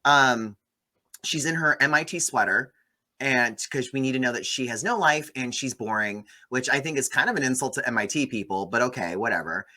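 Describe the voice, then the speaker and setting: A man hosting a casual movie review chat, recapping the plot with sarcastic, animated asides. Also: medium pitch, fairly quick. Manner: sarcastic, animated storytelling with swearing. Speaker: podcast host reviewing a movie.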